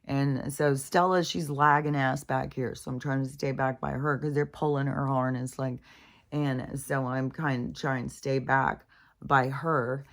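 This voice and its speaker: A woman's voice: extremely low pitch, flat delivery, unhurried. A woman talking in a casual, rambling way, venting and swearing freely while worn out and in pain. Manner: profane, venting, full of fillers. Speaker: vlogger.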